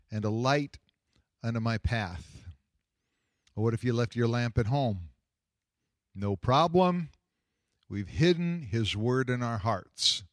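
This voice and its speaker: Male pastor, mid-pitched, tells stories and asks the congregation questions; dry, close-miked sound. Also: no room sound. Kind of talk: sermon.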